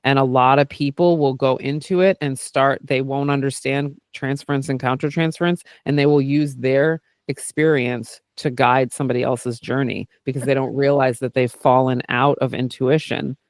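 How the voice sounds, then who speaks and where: A man who hosts a podcast and works as a therapist, talking in a casual chat. He is candid and animated, swears freely and keeps saying "like" and "right?". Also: mid-range voice, normal speed, hardly any pauses, no room sound, studio quality. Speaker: podcast host and therapist doing intuitive work.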